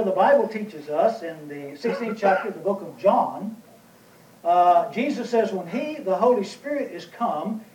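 A man preaching a verse-by-verse Bible lesson, pausing often with fillers and asking himself questions. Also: high-pitched, a little mellow, lo-fi sound. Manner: plain teaching with many pauses and fillers; rhetorical questions answered himself. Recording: echoey room, voice from a distance, faint noise.

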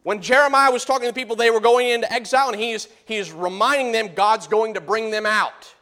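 A man delivering a sermon in a high-pitched voice. He pushes the scripture readings out loud and emphatic, then sinks into low, hushed explanation. It is a steady teaching preacher's delivery. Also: fast talker. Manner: emphatic, swings from loud high bursts to low quiet asides.

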